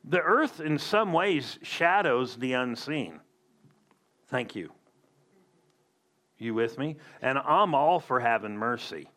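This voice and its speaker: A man's voice: medium pitch, animated, takes it slowly, pauses often, fairly bright tone. A man preaching a sermon as a pastor, emphatic with conversational asides.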